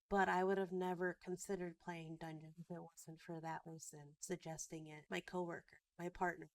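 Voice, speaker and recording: A woman in her thirties speaks in a reflective personal vlog, her voice sitting on the lower side. She talks earnestly and gets choked up now and then. The recording is dry and close, with no room sound. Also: dry recording. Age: 30s. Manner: emotional, earnest, at times choked up. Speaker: vlogger.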